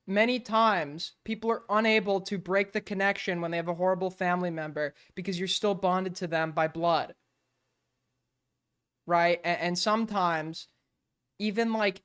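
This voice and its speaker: A man's voice: high-pitched, fairly bright tone, smooth. A male streamer giving blunt, profane live commentary as he reacts to a clip.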